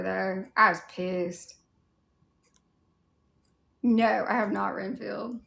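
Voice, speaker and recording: A woman's voice: mid-range voice, steady tone, extremely slow, vocal fry, fairly bright tone. A woman with a Southern US accent chatting casually on a livestream, answering viewer comments in a candid way with mild swearing. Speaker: cosplay livestreamer.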